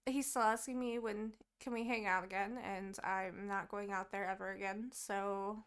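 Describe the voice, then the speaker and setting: A woman's voice: mid-range voice, steady tone, moderate pace, clean tone. A young woman co-hosting a podcast, chatting casually and rambling through her week, swearing often and laughing. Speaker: podcast co-host. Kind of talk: casual chat.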